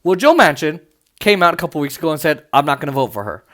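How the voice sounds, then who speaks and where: A man's voice: fairly high pitch, sing-song, fast, a bit bright. A young man in a casual, sarcastic political rant, mocking and full of filler words. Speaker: political commentator.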